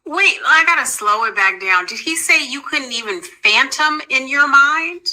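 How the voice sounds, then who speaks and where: Woman, host, very bright voice, dry, terse, impatient. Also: high voice, expressive, a little slow, low-quality recording. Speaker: host reacting to a clip. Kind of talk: reaction commentary.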